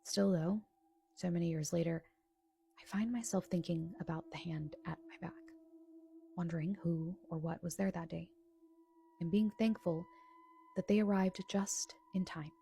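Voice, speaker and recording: Woman telling a scary story, really gravelly, kinda dark mellow voice. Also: on the low side, moderate pace, long pauses. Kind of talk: scripted narration of a true scary experience.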